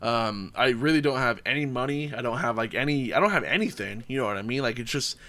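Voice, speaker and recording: A man's voice: medium pitch, lively intonation, fast talker, pushed and bright. A man hosting a podcast, chatting casually and telling a profane, rambling story. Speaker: podcast host. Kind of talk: casual chat.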